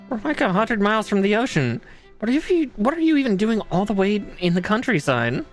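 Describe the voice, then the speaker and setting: A woman streams a dating game and reacts with frequent giggles and casual swearing. Her voice bounces around lively, sitting in a middle pitch. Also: moderate pace, pauses often, faint music behind. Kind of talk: gaming stream commentary.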